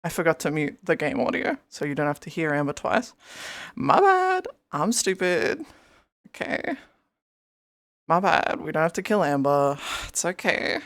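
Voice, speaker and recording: A woman's voice: low-pitched, lively intonation, moderate pace. A young woman live-streaming in casual chat, rambling and greeting her viewers by name over a headset mic.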